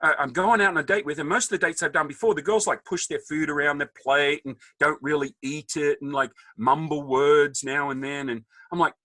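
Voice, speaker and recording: A middle-aged Australian man, a podcast guest, telling stories in a jokey, animated way and acting out the voices of people he quotes. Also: a little high, brisk, hardly any pauses, no echo. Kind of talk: casual storytelling.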